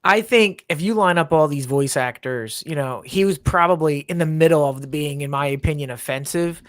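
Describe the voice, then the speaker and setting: A man's voice: fairly high pitch, normal speed, a bit bright, no echo, studio quality. A man giving opinions as a guest in a casual movie review chat, talking in a conversational way. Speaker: guest critic.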